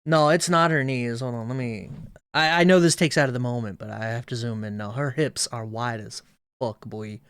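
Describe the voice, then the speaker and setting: A man's voice: medium pitch, fairly even intonation, moderate pace, fairly bright tone, clear, resonant tone, no room sound. A man streaming a video game, chatting casually and crudely with jokes and swearing. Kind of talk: let's play commentary.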